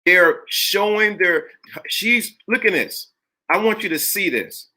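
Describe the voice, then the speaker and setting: This livestream host speaks slowly in a bright, forceful voice a bit higher than typical for a man. On his live-streamed talk show he preaches emphatically, drives home key phrases again and again, and names viewers in the chat.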